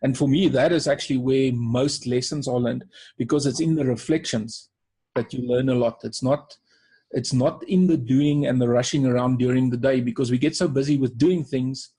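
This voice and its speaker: A man with a South African accent, co-hosting a webinar and talking in a calm, reflective way. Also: medium pitch, normal speed, slightly rough. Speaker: webinar co-host. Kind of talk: casual webinar talk.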